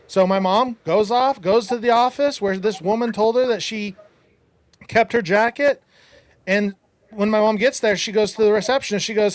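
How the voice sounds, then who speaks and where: A man's voice: high voice, moderate pace, no room sound. A man hosting a podcast, telling a personal story in a casual, emphatic way, with preachy asides to his listeners. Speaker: podcast host.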